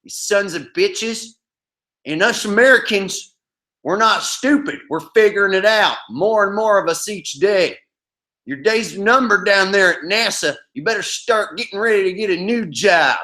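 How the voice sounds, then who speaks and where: A man's voice: high voice, normal speed, bright, forceful tone, voice pushed up. A man putting on an Oklahoma hillbilly accent as an angry prank caller ranting on the phone. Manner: ranting, cussing, drawling. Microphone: phone call.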